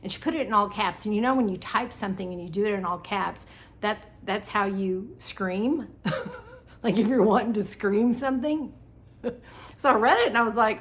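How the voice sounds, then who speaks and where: A woman's voice: mid-range voice, normal speed. Chatty woman cooking in her kitchen. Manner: chatty and lighthearted, laughs often, says "y'all". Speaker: vlogger and wellness coach. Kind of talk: casual kitchen chat while cooking. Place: home kitchen.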